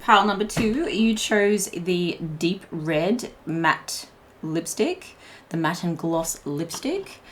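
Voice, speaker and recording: A woman's voice: on the low side, expressive, slow pace, slight background noise. A young woman giving a pick-a-card tarot reading in a chatty, meandering way, full of "like" and restarts. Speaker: tarot reader.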